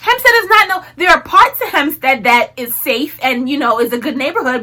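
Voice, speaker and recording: Animated high-voiced woman telling a story. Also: a little fast, few pauses. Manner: animated, laughing often, acting out quotes. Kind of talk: casual storytime while tweezing.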